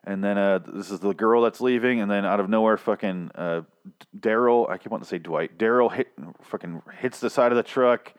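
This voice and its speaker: A man's voice: on the low side, fairly quick, clean tone. A man hosting a podcast who rants through a TV review in a casual, profane, sarcastic and exasperated way.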